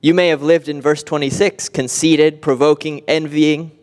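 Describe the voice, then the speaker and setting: A man's voice: on the high side, fairly even intonation, normal speed, darkish tone, in a large hall. A man preaching a sermon earnestly, with vivid imagery and rhetorical repetition. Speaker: pastor.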